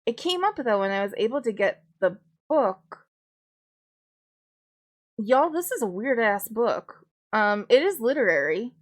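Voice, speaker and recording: A woman's voice: a little high, sing-song, unhurried, long pauses. Woman rambling through a casual stream chat. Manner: rambling, many fillers and restarts, casual swearing.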